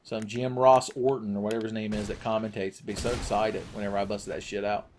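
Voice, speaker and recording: A man's voice: fairly low pitch, flat delivery, quick pace, darkish tone, slight background noise. A man commentating his video game play with crude, sarcastic jokes. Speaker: gaming channel host.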